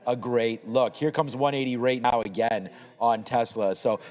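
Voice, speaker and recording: A man's voice: medium pitch, fairly even intonation, moderate pace, a little mellow, in a large hall, low-quality recording. A man hosting a live trading show, talking through charts in a casual, rambling way with lots of fillers. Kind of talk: live market commentary chat.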